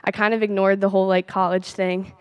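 A woman's voice: mid-range voice, flat delivery, fairly quick, smooth, dry recording. A teenage girl sharing a personal faith testimony in a chatty way, full of "like" and little laughs. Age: late teens. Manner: chatty, peppered with "like" and soft laughs.

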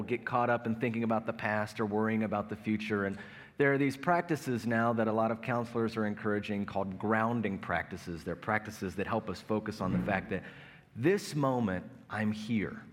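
A man's voice: fairly low pitch, moderate pace. A man in his thirties preaching a sermon as pastor, conversational and self-mocking, telling family stories. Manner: conversational, self-mocking humor with acted-out anecdotes. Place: large church worship space. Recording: long hall reverb.

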